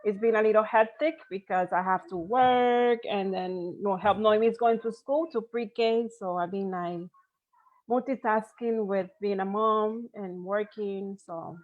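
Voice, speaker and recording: A woman in her thirties, a guest on a video call, telling stories in an animated way. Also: mid-range voice, measured pace. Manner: animated, storytelling. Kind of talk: casual interview chat. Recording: dull lo-fi video call audio.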